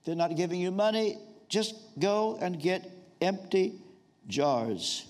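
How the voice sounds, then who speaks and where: Slow, high-voiced male preacher. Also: sing-song. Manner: storytelling, acts out quotes in lowered voice. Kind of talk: sermon.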